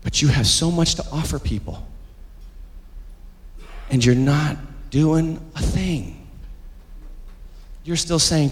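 Male pastor, high voice, emphatic repetitive sermon, long church-hall reverb. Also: takes it slowly, pauses often. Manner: emphatic, repetitive preaching that calls for the congregation to respond. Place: church sanctuary.

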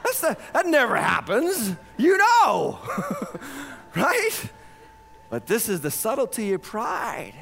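In full flow of a sermon, a pastor preaches in a high-pitched, gravelly voice, animated as he climbs to loud points and drops to hushed lines. He slips into mocking quoted voices, acting them out for effect. There's slight background noise.

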